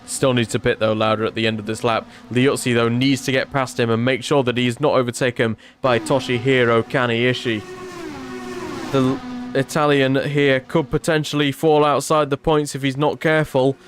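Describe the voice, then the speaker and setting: A man's voice: mid-range voice, moderate pace, a little hiss or hum. A male commentator calls a racing game in a loose, chatty livestream manner. His mid-range voice stays conversational, then climbs when drama hits the track. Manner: chatty, rises excitedly at incidents, asides to chat. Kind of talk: casual livestream race commentary.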